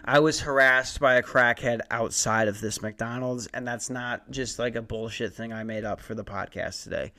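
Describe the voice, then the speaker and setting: A man's voice: medium pitch, steady tone, moderate pace, few pauses, sharp tone. A man in his twenties telling a rambling, profane, self-mocking story on his podcast. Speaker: podcast host.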